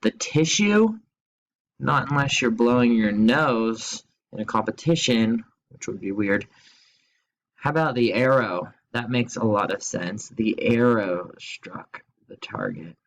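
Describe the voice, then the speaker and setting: Recorded roughly with a little hiss or hum, this man has a lowish, fairly bright voice. He's at his computer giving a remote grammar lesson, going slowly, spelling words aloud, and throwing in jokes and playful quizzes.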